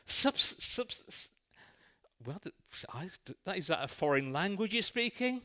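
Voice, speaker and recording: A man's voice: high-pitched, very animated, measured pace, bright, forceful tone, pitched above the performer's own voice, exaggerated voice. A man doing a stammering, baffled nervous guy. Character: nervous clueless man in a queue.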